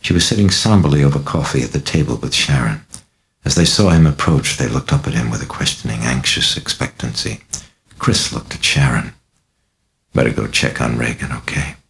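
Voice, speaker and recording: A man narrating an audiobook of his own novel with a deliberate, dramatic reading. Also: rumbling low, lively intonation, creaky, a bit bright.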